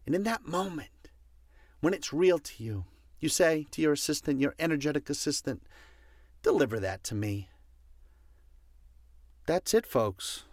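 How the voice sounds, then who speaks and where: This motivational speaker delivers a passionate talk, driving his points home by repeating commands. His voice is slightly high and moves at a normal speed, recorded with clean studio sound and no echo.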